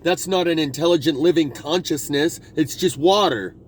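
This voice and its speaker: A man with a somewhat high voice holds forth in a meandering spiritual monologue. He trails off, restarts and leans hard on the words he wants to stress. Faint traffic noise hums in the background. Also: normal speed. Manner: meandering, restarts often, intense emphasis. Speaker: video blogger.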